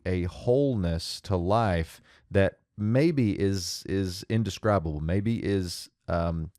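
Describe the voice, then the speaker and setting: Deep-voiced man teaching Hebrew grammar. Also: warm tone, no room sound, clean studio sound. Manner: methodical, thinking aloud with small restarts and fillers. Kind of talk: explaining a verse's grammar step by step.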